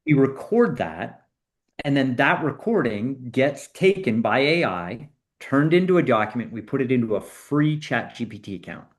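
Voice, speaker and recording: A man guest on a podcast interview, explaining his work in an animated way that speeds up and slows down to stress points. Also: mid-range voice. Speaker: AI consultant guest.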